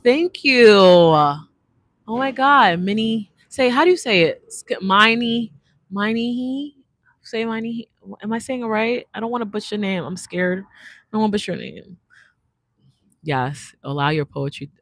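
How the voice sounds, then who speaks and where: A woman's voice: mid-range voice, animated, normal speed, dry recording. A woman hosting a livestream as an artist, chatting casually in a rambling, slangy way and reading out viewer comments. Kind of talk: casual live chat.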